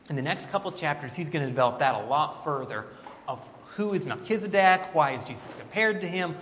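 A man's voice: fairly high pitch, fairly bright tone. A man teaching a Bible study class, reading scripture aloud and asking the group questions. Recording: reverberant hall with faint background noise.

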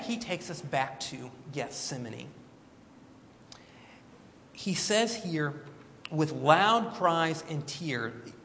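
A man's voice: fairly high pitch, fairly bright tone. A man teaching a Bible study class, reading scripture aloud and asking the group questions. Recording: reverberant hall with faint background noise.

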